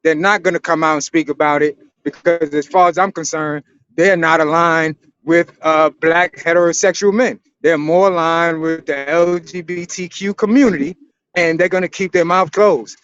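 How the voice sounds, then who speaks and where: A man with a smooth, fairly high voice answers chat comments on an online panel. He explains his view steadily and bluntly, and the sound is dry and muffled. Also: steady tone, normal speed, fairly bright tone, no room sound. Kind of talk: opinion talk. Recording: dry, dull lo-fi online audio.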